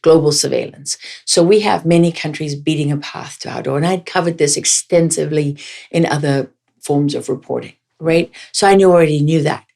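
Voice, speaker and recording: A woman's voice: low voice, brisk, creaky, darkish tone. A woman journalist as an interview guest, telling a story vividly and with animation, restarting her sentences.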